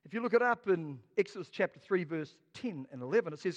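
New zealand man, pastor, high voice, storytelling sermon, long hall reverb. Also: fast. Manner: storytelling, jokey, lively.

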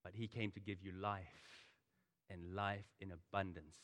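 A man's voice: sits low, little pitch movement, unhurried, fairly bright tone. A man preaching a sermon, impassioned and repeating phrases for emphasis. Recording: long reverb of a large hall.

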